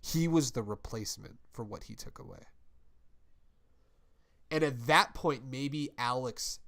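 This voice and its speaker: A young adult man in casual chat, rambling and swearing as he pitches a story and acts out its quotes. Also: pushed and bright. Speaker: podcast co-host.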